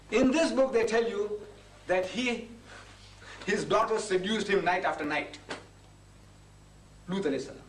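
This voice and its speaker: Guy lecturing, emphatic, keeps asking the crowd stuff, roomy echo, faint background hum. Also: high voice. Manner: emphatic, rhetorical questioning. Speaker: Islamic preacher. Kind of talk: religious lecture to an audience. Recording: echoey room from a distance, faint ambience.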